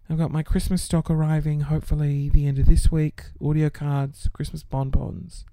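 A man's voice: on the high side, level tone, moderate pace, mellow, no room sound. A man venting in a casual vlog, exasperated and sweary, laughing through his frustration. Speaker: small business owner.

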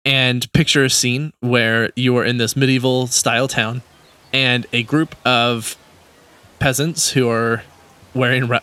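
A man co-hosting a casual podcast, relaxed, often laughing as he retells scenes. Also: mid-range voice. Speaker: podcast co-host.

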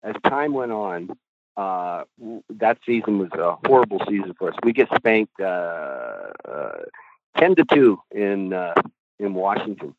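A man's voice: low-pitched, big pitch swings, a little slow, dry recording. A middle-aged man, a goalie coach, telling rambling stories on a podcast with chuckles and casual swearing. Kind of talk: podcast storytelling. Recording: tinny phone-like line, dry.

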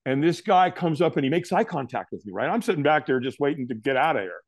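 A man's voice: on the high side, fast, dry recording, clean studio sound. A middle-aged man telling a personal story in an interview, acting out the lines of the people in it. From United States. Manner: animated storyteller, acts out quotes. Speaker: guest.

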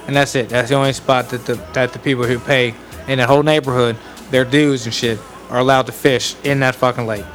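A man's voice: mid-range voice, level tone, brisk, fairly bright tone, faint music behind. A man telling a long, profane story on a podcast, acting out both sides of an argument. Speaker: podcast co-host. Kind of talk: casual storytelling chat.

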